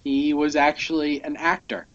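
A man's voice: a little high, level tone, normal speed, highs cut off. A man co-hosting a casual comic book podcast, rambling with lots of fillers as he explains things. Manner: rambling, many fillers, reads lines aloud. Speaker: podcast co-host.

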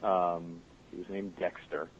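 A man's voice: low-pitched, level tone, a little slow. A man who works as a voice actor, telling stories animatedly with frequent laughs in a casual interview. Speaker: voice actor guest. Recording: muffled podcast audio with faint noise.

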